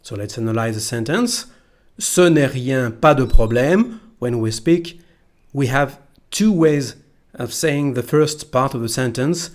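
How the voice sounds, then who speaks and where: Slow-paced French-accented man teaching. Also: medium pitch, animated. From France. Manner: slow, patient, repeats phrases for the learner. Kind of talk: slow pronunciation lesson.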